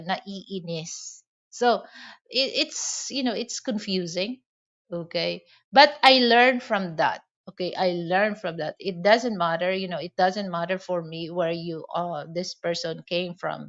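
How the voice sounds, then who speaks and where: A woman's voice: lowish voice, dull audio. A woman with a Filipino accent, chatting casually to camera as a vlogger, repeating her points and checking in with "okay?".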